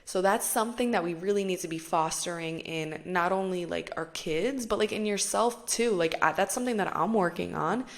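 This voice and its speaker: A woman's voice: lowish voice, normal speed, few pauses. A young woman hosting a podcast, talking casually and chattily, with lots of "like" fillers and the odd swear. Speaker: podcast host.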